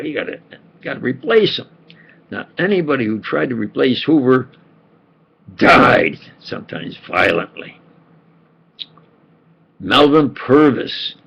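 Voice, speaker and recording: Gravelly older man rambling through a story. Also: medium pitch. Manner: meandering, many fillers and restarts. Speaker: vlogger. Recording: dull lo-fi home recording.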